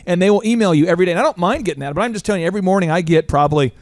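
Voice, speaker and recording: Jokey, fast-talking man host. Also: sits high, animated, dry recording, studio quality. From Oklahoma. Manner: jokey, rambling, quick asides. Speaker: podcast host. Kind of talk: casual business talk.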